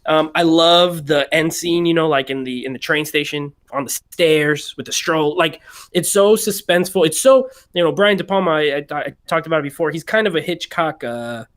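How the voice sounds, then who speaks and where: A man's voice: fairly high pitch, moderate pace, a bit bright. A man co-hosting a casual movie podcast, thinking aloud and explaining his opinions at length. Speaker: podcast co-host. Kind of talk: casual chat.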